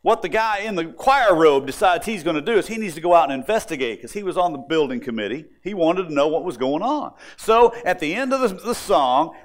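A preacher telling a homespun story from the pulpit in a folksy way, often restarting and repeating words as he goes. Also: fairly high pitch. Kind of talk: storytelling sermon.

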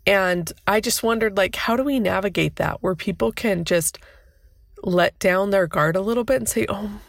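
A woman's voice: medium pitch, normal speed, gravelly, no echo, studio quality. A woman in her thirties hosting a podcast, telling a personal story in an emotional, flustered, rambling way. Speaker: podcast host.

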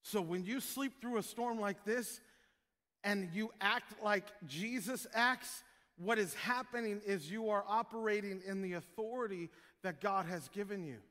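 A man preaching a sermon as pastor, joking with his congregation and breaking into loud shouted prayers. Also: high voice, unhurried, big-room sound.

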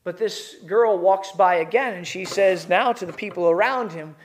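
A man delivers a sermon as a pastor. He retells the scene with vivid, acted-out voices, swinging from emphatic near-shouts to hushed, quiet passages. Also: high voice, moderate pace, slight background noise. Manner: dramatic retelling with voiced characters, emphatic rises.

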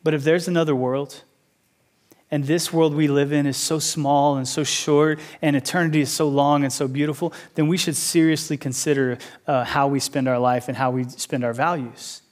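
A man preaching a sermon as pastor, building to loud repeated appeals and then dropping low and quiet, with casual asides and voiced objections. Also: steady tone, moderate pace.

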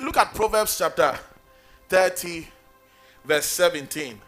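A man's voice: on the high side, expressive, normal speed, pushed and bright, soft background music. A man preaching a sermon as pastor, emphatic and sing-song, calling for amens from the congregation.

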